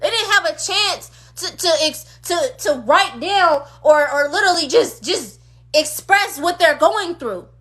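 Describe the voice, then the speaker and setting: A woman's voice: extremely high pitch, lively intonation, a little slow, fairly bright tone. A woman on a phone livestream, delivering an impassioned rant full of emphatic, repeated rhetorical questions. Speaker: streamer.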